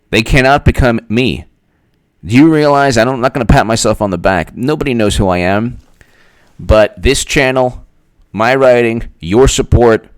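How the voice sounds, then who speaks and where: A man delivers a political commentary monologue, his pitch swinging widely as he goes. He talks in a sarcastic, rambling way. The recording is dry and close. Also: no room sound. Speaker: political commentator, channel host.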